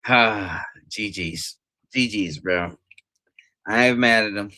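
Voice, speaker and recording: A man watching a soccer match and reacting live, profane and swinging from shouted outbursts to low muttering. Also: extremely slow, long pauses, dry recording, clean studio sound.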